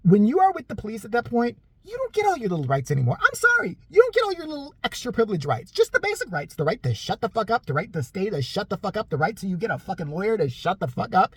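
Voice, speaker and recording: A blunt, profane vlogger ranting in sarcastic commentary. The husky voice swings widely in pitch, and the recording is dry and close. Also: huge pitch swings, quick pace, hardly any pauses, fairly bright tone, dry recording.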